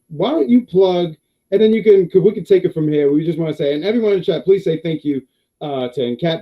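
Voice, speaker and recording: Host, male, slightly high voice, loose playful rambler, dull lo-fi stream sound. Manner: rambling, filler-heavy, playful. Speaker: podcast host. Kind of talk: casual wrestling prediction chat.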